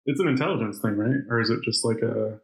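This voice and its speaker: A man's voice: mid-range voice, quick pace, vocal fry. A man with a mid-range voice jokes around and laughs often as he co-hosts a podcast. The sound has a roomy echo. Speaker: podcast co-host. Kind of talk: casual banter. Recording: echoey room.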